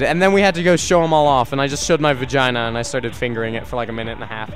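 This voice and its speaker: A man's voice: a little high, fast, faint music behind, rough recording. A young man from Canada telling crude school stories in a rambling, casual way, laughing at himself. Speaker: livestreamer. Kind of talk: casual storytelling chat.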